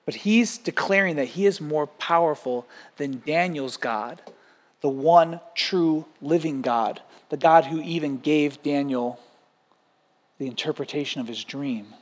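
A man preaching a sermon as pastor, lively, acting out quotes and stories. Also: on the high side, measured pace. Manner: animated, acts out quotes and stories.

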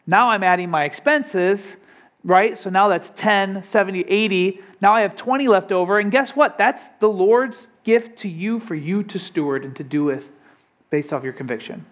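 A man's voice: high voice, normal speed, a bit bright. A young adult man preaching a sermon in a conversational way, often asking the congregation questions. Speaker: pastor.

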